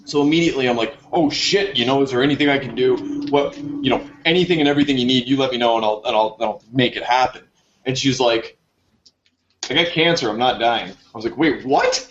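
A man casually telling a long funny story to friends, jumping up in pitch when he acts out his own reactions. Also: quick pace. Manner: animated, jumps high for quoted reactions. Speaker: podcast co-host telling a story. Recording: dull lo-fi recording.

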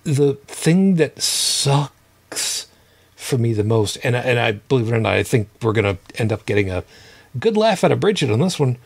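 Husky middle-aged man, halting chat. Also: medium pitch, sing-song. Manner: halting, full of restarts and casual swearing. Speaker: podcast co-host. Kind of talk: casual chat.

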